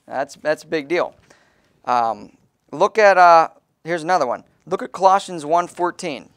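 Pastor, male, emphatic small-church preacher with a slightly high voice. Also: animated, unhurried. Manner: emphatic preaching, calls on congregants to read verses. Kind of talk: sermon.

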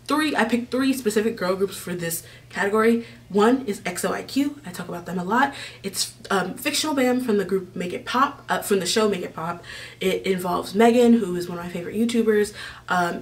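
A woman's voice: medium pitch, distant mic. A woman YouTuber chatting casually in a vlog, rambling along with lots of "like" and "um" fillers. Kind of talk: casual chat.

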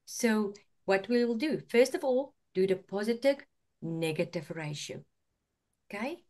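A woman's voice: medium pitch, expressive, unhurried, a little mellow. Earnest woman coach giving marriage advice. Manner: earnest, repeats words while explaining. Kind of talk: talk show advice.

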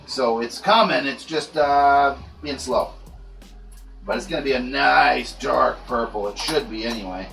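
A man's voice: medium pitch, unhurried, vocal fry, a bit bright. A man hosting a casual livestream while working with plants, talking in a laid-back, rambling way with many fillers. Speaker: livestream host. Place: indoor grow room. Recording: echoey room, voice far from mic, faint music.

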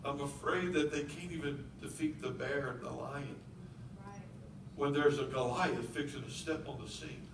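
A man's voice: on the high side, fairly even intonation, normal speed, noisy background. Preacher man in echoey church. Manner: building to shouted preaching with dropped-g country grammar. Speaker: pastor. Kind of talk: sermon. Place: church sanctuary. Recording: echoey church heard from far off.

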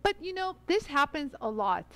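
A woman's voice: sits high, very animated, normal speed, no room sound. A woman hosting a live jewelry-tool stream, chatting casually and greeting viewers one by one in an effusive way. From Los Angeles area. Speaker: livestream host demonstrating jewelry tools. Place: studio bench under bright lights.

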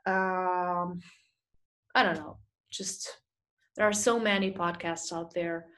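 Woman answering webinar questions, unhurried. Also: fairly low pitch, fairly even intonation, fairly bright tone. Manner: chatty, reads out audience questions, many fillers. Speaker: webinar presenter. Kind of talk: live webinar Q&A. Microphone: small video mic or phone.

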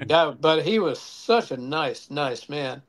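A man's voice: on the high side, slow pace. An older man, a former band member, telling stories in a casual interview and acting out the voices in them with chuckles. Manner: animated anecdotes with acted quotes and chuckles.

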